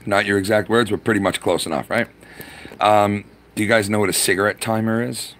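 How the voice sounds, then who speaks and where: A middle-aged man chats on a live stream in a fairly low, somewhat bright voice with fairly even intonation and a moderate pace. He swears freely and rambles through stories from his youth, a profane storyteller in casual conversation.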